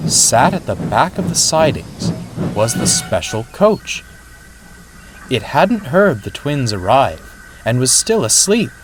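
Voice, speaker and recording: Slow, suspenseful male storyteller. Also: medium pitch, sing-song. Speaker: narrator. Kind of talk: scripted storybook narration. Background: music.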